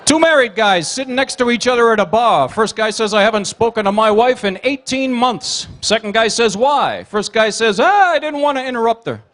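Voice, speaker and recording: Man, stand-up comic, high voice, rapid-fire one-liners, teases the crowd, banquet hall emcee. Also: a bit bright, slight background noise. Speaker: comedian and emcee at a gala dinner. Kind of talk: stand-up joke routine.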